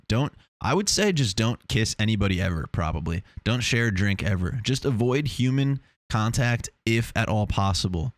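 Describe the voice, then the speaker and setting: A man's voice: fairly low pitch, dry recording. A young man from Long Island hosts a solo podcast, rambling and swearing, and he gets fired up and restarts his sentences a lot. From Long Island, New York. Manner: rambling, profane, excitable, many restarts. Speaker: podcast host. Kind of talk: casual solo podcast monologue. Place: small foam-treated home room. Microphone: lav or shotgun mic in a home studio.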